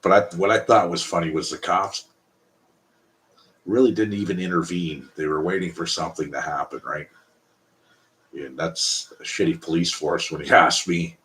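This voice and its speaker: A man's voice: low voice, steady tone, moderate pace, a bit bright. A Canadian man hosting a casual live stream, talking bluntly and profanely in a rambling way.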